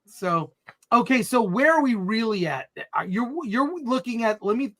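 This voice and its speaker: A man with a high, bright and forceful voice co-hosts a live stream. He jokes around and reads memes aloud in a loose, chatty way. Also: animated, normal speed. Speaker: co-host. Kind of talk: livestream chat.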